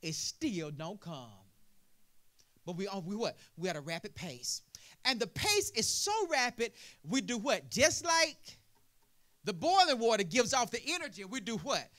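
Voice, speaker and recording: A man preaching a sermon as pastor, throwing out "what?" prompts to the congregation and building to loud, emphatic passages. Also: high-pitched, big pitch swings, unhurried.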